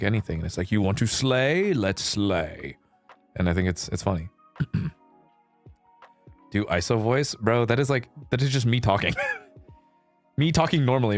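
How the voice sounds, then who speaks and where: A male streamer in casual chat, laid-back and rambling with fillers, swearing and laughing often. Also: lowish voice.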